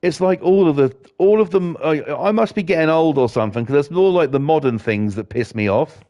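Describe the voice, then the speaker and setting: A man's voice: on the high side, expressive, fairly quick, lo-fi sound. A middle-aged man giving fired-up, rambling, profanity-heavy commentary while he streams a game. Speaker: gaming streamer. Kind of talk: ranting commentary while gaming.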